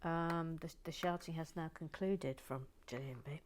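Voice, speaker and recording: A woman hosting a building video, chatting casually and self-deprecatingly, slipping between whispers and soft talk. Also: low-pitched, fairly even intonation, normal speed. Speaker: host of a building channel. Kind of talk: casual chat while building, partly whispered.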